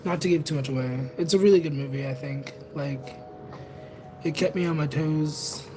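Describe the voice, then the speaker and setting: A young man chatting casually with viewers on a livestream, rambling and second-guessing himself out loud. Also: on the high side, normal speed. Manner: rambling, self-conscious, overthinks aloud. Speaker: livestreamer and tarot reader. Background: music playing in the background.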